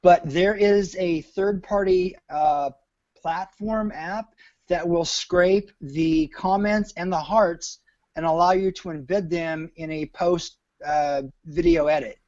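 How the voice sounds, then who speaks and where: A man's voice: high-pitched, slow pace, a little mellow, lo-fi sound. A man on a casual video-call panel, giving a matter-of-fact tip. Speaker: panel guest.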